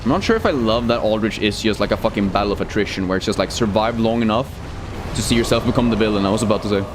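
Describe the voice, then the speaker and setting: A man's voice: lowish voice, racing, background noise. A young man streaming a game, chatting casually, joking and swearing while he reads chat aloud.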